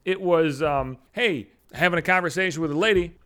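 A man's voice: fairly high pitch, fairly quick, pushed and bright, clear, resonant tone. A man hosting a solo comedy podcast, ranting in a profane, exasperated and self-mocking way. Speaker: podcast host.

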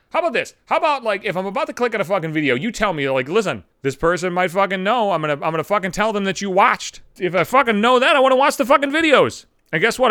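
A young man rants through a story on his solo podcast, swearing freely and sounding exasperated. His voice is bright and clear and a little higher than most men's, and it swings widely in pitch. It is recorded dry and close. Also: no echo. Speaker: podcast host. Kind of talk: solo comedic podcast rant.

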